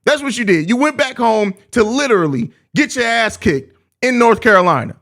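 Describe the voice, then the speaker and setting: A young man with a very high-pitched voice delivers a live-stream postgame rant. He is exasperated and profane, and he leans on slang, drawing out his complaints again and again. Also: expressive, normal speed, fairly bright tone. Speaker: host of a live postgame show.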